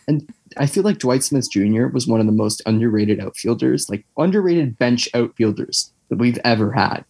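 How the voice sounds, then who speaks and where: A man's voice: mid-range voice, normal speed, a little mellow, slightly rough, dry recording. A young man, chatting casually as a podcast co-host, rambling with lots of fillers and tangents. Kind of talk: casual chat.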